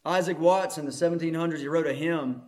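High-voiced impassioned male preacher. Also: fairly even intonation, fast. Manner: swings between hushed reading and loud impassioned preaching. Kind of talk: sermon.

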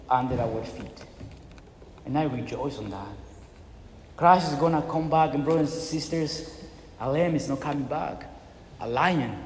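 A man's voice: a little high, a little mellow, slight background noise. A man preaching a sermon with impassioned, dramatic storytelling in a church hall. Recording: echoey hall with long reverb.

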